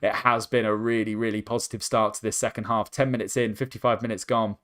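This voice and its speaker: A man hosts a fan watchalong, calling the match play by play in a lowish voice and talking fast. He breaks into excited cries at every opportunity.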